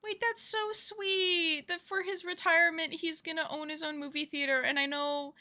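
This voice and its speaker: A woman's voice: very high voice, steady tone, normal speed, pushed and bright. A woman streamer chatting casually and enthusiastically over a game, often giggling. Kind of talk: casual gameplay commentary.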